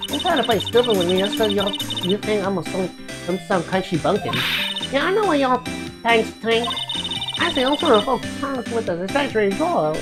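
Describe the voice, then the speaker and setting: A woman's voice: a little high, expressive, normal speed, close to an everyday voice. A woman doing a brash Southern photographer. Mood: scolding. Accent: put-on American Southern. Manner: drawling, pushy, scolding. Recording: loud game music behind.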